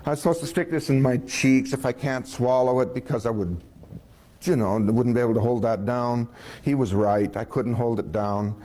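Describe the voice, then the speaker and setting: Guy telling a story from his own life, chuckles a lot, does little voices for the others. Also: mid-range voice. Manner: folksy, chuckling, quoting others in lively voices.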